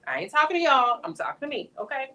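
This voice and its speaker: A woman speaks in a lively, swooping voice that sits a little high. She tells a heartfelt personal testimony in a relaxed conversational interview. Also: fast talker, recorded from a distance. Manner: emotional testimony, animated storytelling. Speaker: author guest.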